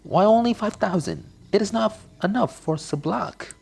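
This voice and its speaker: A man's voice: lively intonation, normal speed, creaky, breathy edge, heavily acted. A man voicing a young daughter who whines and pleads for money in a game. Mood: whiny. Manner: pleading, high and loud.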